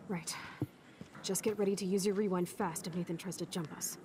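A woman's voice: on the low side, steady tone, brisk, noisy background, close to an everyday voice. An actress playing a blunt, rebellious punk teenage girl in video game dialogue. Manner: blunt, profane, tense. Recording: loud game music behind.

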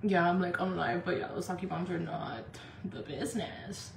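A woman from Indio, California, chatting casually on a makeup livestream from home, talking fast and loose, swearing freely and saying "like" a lot. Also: on the low side, creaky, distant mic. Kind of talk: casual live-stream chat. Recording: echoey room with faint background noise.

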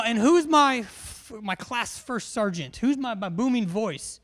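A man, an instructor giving a humorous, animated briefing to a large class and quizzing the crowd. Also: very high-pitched, a little slow. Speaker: military education instructor.

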